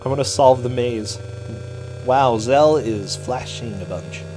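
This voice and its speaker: Excitable male race commentator. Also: mid-range voice, rough recording. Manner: excitable, quick exclamations. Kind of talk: casual live commentary. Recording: faint game music behind.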